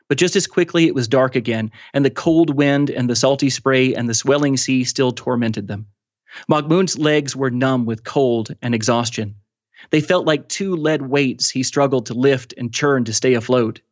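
Male author reading aloud, steady narration, a bit dull and dry in sound. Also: medium pitch, dry recording. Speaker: author reading his book.

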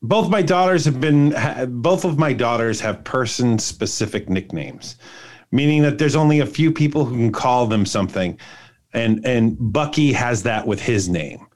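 A man's voice: mid-range voice, animated, moderate pace, darkish tone. A man in a casual podcast chat who mostly asks questions and makes brief remarks.

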